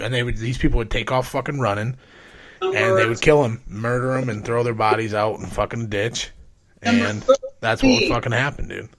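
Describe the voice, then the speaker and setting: A man's voice: mid-range voice, normal speed, a bit bright. A man hosting a podcast, telling stories in blunt, heavily profane casual chat. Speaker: podcast host.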